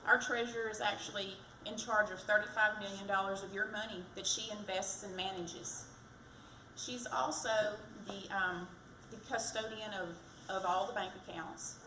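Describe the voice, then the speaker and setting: A woman's voice: mid-range voice, steady tone, normal speed, pushed and bright. Chatty Texan woman on a distant mic. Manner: chatty, self-deprecating, joking with the crowd. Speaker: candidate for county treasurer. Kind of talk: campaign stump speech. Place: fire department community event. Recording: echoey, distant mic, background noise.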